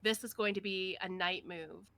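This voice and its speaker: A woman running a tabletop game as game master, narrating scenes in a lively, descriptive way. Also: mid-range voice, moderate pace, gravelly.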